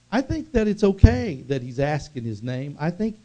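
A man preaching a sermon, emphatic and drawing out key words slowly for weight. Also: fairly high pitch, big pitch swings, warm tone, dull audio.

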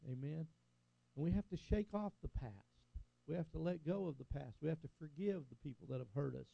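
A man's voice: fairly high pitch, brisk, gravelly, no echo, dull audio. An older man preaching a sermon as a pastor, rising and falling for emphasis and calling out "Amen?" to the congregation.

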